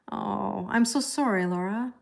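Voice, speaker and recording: A woman's voice: a little high, vocal fry. A chatty woman in her forties hosts a casual live stream as a tarot reader. She talks in a loose, friendly flow, laughs easily and reads viewer comments aloud as she goes. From Canada.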